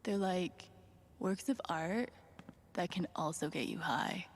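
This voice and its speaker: An actress voicing a dry, sardonic young woman in a video game, with a husky, gravelly voice. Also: on the low side, slow. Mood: wry.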